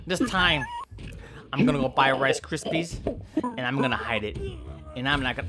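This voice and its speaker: A man's voice: a little high, big pitch swings, moderate pace, vocal fry, pauses often, pushed and bright. A man doing playful gameplay commentary, taunting in a goofy, mock-evil way and letting out sudden yelps. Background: game music.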